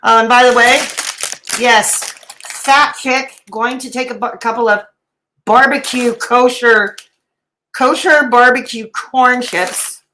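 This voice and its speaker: Sarcastic middle-aged woman with a slow drawl. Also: fairly high pitch, fairly even intonation, bright, forceful tone, slight background noise, rough recording. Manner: sarcastic, mocking asides, frequent laughs. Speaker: reaction streamer. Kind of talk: live reaction commentary.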